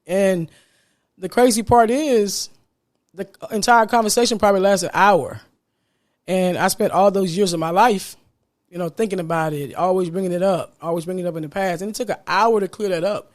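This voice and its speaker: A man's voice: sits high, normal speed. A man hosting a podcast on his own, talking casually and from the heart, with a smile in his voice and "man" dropped in often. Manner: upbeat, smiling as he talks. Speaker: podcast host. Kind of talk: solo podcast monologue.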